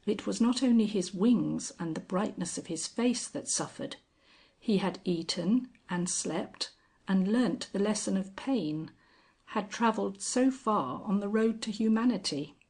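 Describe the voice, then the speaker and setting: A woman narrating a classic tale in a measured reading voice. Her delivery is slow, and her tone is soft and breathy. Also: mid-range voice. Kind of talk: scripted storybook narration.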